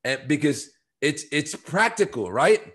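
Male co-host, emphatic preacher, animated, sits a little high in pitch. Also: measured pace. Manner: emphatic, animated, quotes scripture with rising fervor. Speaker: co-host of a church podcast. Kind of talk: preaching conversational Bible talk.

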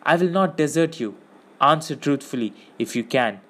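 A man's voice: a little high, expressive, normal speed, fairly bright tone, pitched above the performer's own voice. A man reading an earnest, polite traveler. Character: earnest small male traveler, courteous. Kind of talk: audiobook reading.

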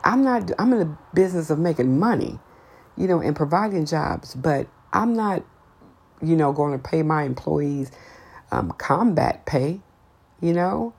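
A woman with an unusually low voice, rough with vocal fry, holds forth on her podcast in a casual, unfiltered monologue. She is blunt and outspoken, and her pitch jumps up when she gets heated. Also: expressive, measured pace, a little mellow. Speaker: podcast host.

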